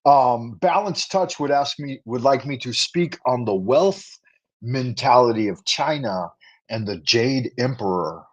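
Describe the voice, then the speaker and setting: A man's voice: mid-range voice, animated, measured pace. A man in the middle of his range, chatting loosely to viewers on a livestream and tossing in playful rhymes. His audio sounds a bit dull and lo-fi, like a home stream setup. He rambles casually between food ratings and side topics. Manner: playful, rhyming patter, chatty asides to viewers. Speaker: livestream host.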